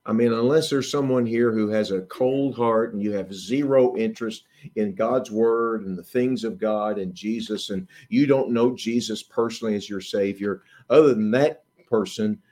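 A middle-aged man preaching a sermon, acting out the disciples' voices and swinging between loud emphasis and hushed asides. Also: on the low side, moderate pace, few pauses.

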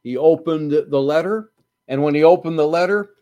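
A man preaching a sermon, slow and deliberate, building to emphatic repetitions. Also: a little high, dark tone, lo-fi sound. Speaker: pastor.

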